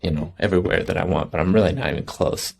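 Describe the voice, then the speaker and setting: A man's voice: deep voice, fairly even intonation, fast, vocal fry, darkish tone. A man who is a hunter, a guest on a podcast, speaking in an earnest, reflective way in casual conversation. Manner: earnest, reflective, laughs easily.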